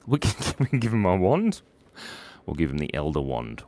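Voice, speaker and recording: A man's voice: deep voice, huge pitch swings, moderate pace, gravelly, dark tone. A man hosting a live drawing stream, playful and giggly as he chats with viewers while he draws. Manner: playful, giggly, silly asides. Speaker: animator hosting a drawing livestream.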